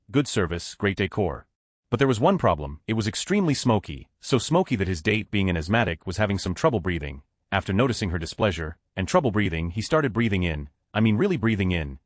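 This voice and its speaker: A man's voice: lowish voice, no room sound, studio quality. A man narrating a string of reader-submitted jokes in a scripted, announced-by-number way. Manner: animated, reads numbered stories one after another.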